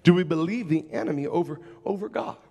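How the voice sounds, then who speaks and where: A man's voice: a little high, quick pace, dark tone, big-room sound, highs cut off. A man preaching a sermon in a church, asking searching, pleading questions and repeating his first words as he moves into an altar-call prayer. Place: church sanctuary with congregation.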